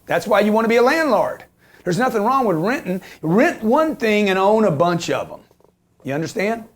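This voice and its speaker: His voice sits high and sing-song, moving at a moderate clip, as this fifty-something man discusses investing in real estate. The talk is animated and business-focused, and he's emphatic and repetitive, tossing in "okay?" and jokey swearing.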